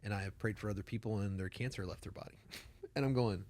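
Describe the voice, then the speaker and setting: A man's voice: on the low side, fast talker. A man in his thirties, a pastor co-hosting a podcast, telling stories with emphatic repetition. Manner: animated storytelling, emphatic repetition. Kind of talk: casual podcast conversation.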